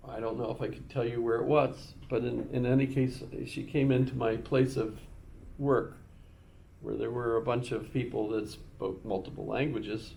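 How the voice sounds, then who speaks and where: A man with a gravelly, dark-toned voice tells a meandering story to his class. He stumbles and restarts often, doubling back over his own words. He plays with wordplay and puns as he goes. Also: medium pitch, steady tone, normal speed, a little hiss or hum. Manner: rambling, with frequent restarts and repeated words. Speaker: instructor.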